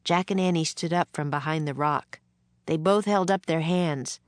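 A woman narrating a children's storybook aloud in a gentle read-aloud manner. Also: deep voice, moderate pace, no echo. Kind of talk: storybook reading.

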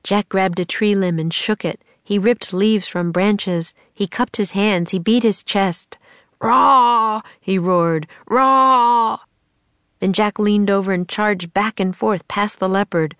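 A woman narrating a children's storybook aloud in a steady, expressive way. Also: medium pitch, a little slow, few pauses, no room sound.

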